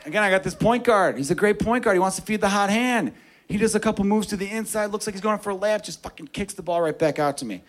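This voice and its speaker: A man telling a stand-up story, profane and animated, dropping low and hushed then getting loud. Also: fast talker. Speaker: stand-up comedian.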